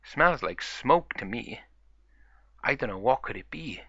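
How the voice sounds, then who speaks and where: A man's voice: mid-range voice, expressive, measured pace, sharp tone, husky, no echo, muffled recording, full character voice. A man voicing a friendly, easygoing adult male pig in a toy play story.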